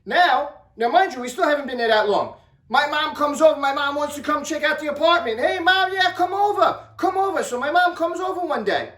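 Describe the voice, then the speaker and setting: A middle-aged man telling an animated vlog story, excitable and repeating himself as he acts out what people said. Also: very high-pitched, fairly quick. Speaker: vlogger. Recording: echoey room, distant from mic.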